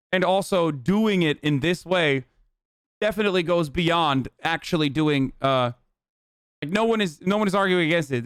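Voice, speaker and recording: Man, live streamer, blunt, swears a lot, slightly high smooth voice, dry close sound. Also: fairly bright tone, no room sound. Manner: blunt, profane, exasperated. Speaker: streamer reacting to a video. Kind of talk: casual live-stream commentary.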